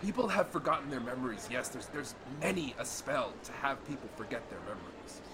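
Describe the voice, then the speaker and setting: A man voicing an ancient, wary magical being that speaks in a hushed, hesitant way. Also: mid-range voice, lively intonation, a little fast, a little hiss or hum, lightly acted. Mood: uneasy.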